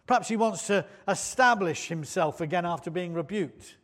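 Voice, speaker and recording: A man's voice: high-pitched, moderate pace, fairly bright tone. A man preaching a sermon in church, conversational and often putting questions to the congregation.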